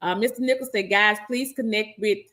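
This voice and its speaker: A woman's voice: mid-range voice, brisk. A woman co-hosting a live-streamed talk show, laughing often and reading viewer comments aloud. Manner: lively, laughs often, reads chat aloud with warm greetings.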